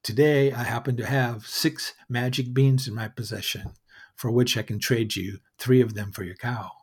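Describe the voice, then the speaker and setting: A man with a husky voice voicing a wily, smooth-talking male merchant in a storybook tale, with a coaxing salesman patter. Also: mid-range voice, steady tone, normal speed.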